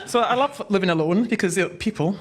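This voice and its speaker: A woman's voice: mid-range voice, fast talker, noisy background. A woman doing stand-up, with dry, wry self-deprecating humor. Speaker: stand-up comedian. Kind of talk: stand-up comedy.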